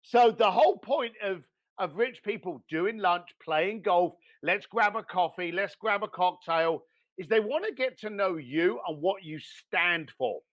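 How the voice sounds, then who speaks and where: Lively high-voiced man, blunt. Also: unhurried. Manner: blunt, animated storyteller with mild swearing. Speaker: guest. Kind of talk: motivational business talk.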